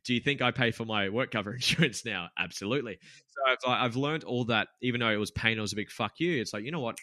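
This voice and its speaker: A man's voice: fairly low pitch, bright, forceful tone, dry recording, clean studio sound. A man in his twenties, a podcast guest and gym owner, telling a candid story with lots of swearing, fillers and restarts. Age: 20s. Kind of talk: casual storytelling interview.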